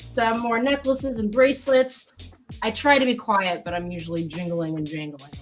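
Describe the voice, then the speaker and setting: A woman playing in a tabletop game, upbeat and quick to joke. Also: medium pitch, steady tone, soft background music. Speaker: player.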